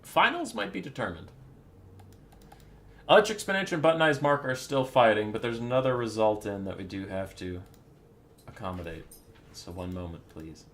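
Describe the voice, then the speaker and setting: A man hosting a game tournament, giving live commentary in an excitable way, laughing and swearing. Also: fairly low pitch, normal speed, pauses often. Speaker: tournament host and caster.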